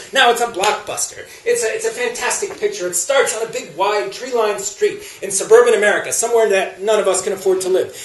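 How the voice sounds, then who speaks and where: Rambling comic storyteller on a stage. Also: medium pitch. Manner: rambling, animated, repetitive. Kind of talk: live stage comedy storytelling. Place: theater stage, indoors. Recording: roomy stage, voice from far off.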